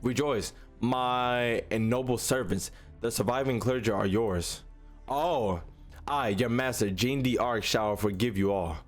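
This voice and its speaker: A man reading out the lines of a vengeful young woman, a cold and mocking witch-saint, in a slow sneering way. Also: mid-range voice, close to an everyday voice.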